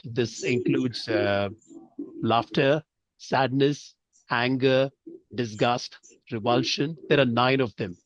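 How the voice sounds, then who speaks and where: A man's voice: mid-range voice, dry recording, highs cut off. A man from India teaching public speaking in an online training session, explaining with examples and checking in with his listeners. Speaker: speech trainer.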